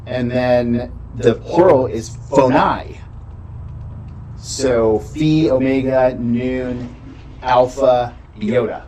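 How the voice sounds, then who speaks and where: Mellow-voiced man teaching a class. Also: mid-range voice, a little hiss or hum, poor audio. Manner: explanatory, frequent "right?" checks. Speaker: Greek instructor. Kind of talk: classroom lecture.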